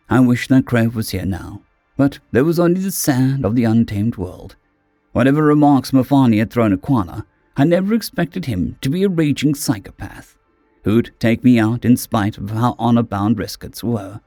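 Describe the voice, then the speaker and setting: A man reads a first-person story with lively, rolling pitch and dramatic weight. His tone is dark and mellow, recorded close and very dry with no room sound. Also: moderate pace, no echo, soft background music. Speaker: audiobook narrator. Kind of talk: first-person audiobook narration.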